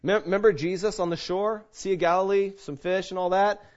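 Middle-aged man, pastor, high voice, animated storyteller with loud and hushed swings, dull lo-fi recording. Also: a little fast. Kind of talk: sermon. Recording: dull lo-fi sound.

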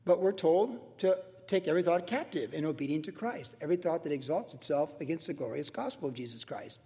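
This pastor's voice runs on the high side, dark in tone, with lively intonation and a brisk pace, echoing with a big-room sound. Conversational and repetitive, he works through a sermon verse by verse, hammering points home and performing worried voices.

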